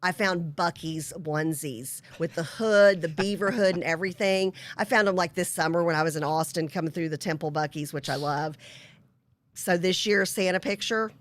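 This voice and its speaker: Lady host in her 40s, lowish voice, rambling happy stories, laughs a lot. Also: moderate pace. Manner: chatty, laughing often, animated storytelling. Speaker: show host. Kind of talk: casual chat.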